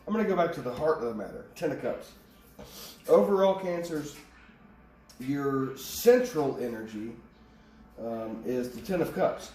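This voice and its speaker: A man with a medium-pitched, somewhat dark voice gives a casual tarot reading, wandering off on tangents and swearing offhandedly. The recording has a little hiss or hum and sounds echoey, with a distant mic and faint ambience.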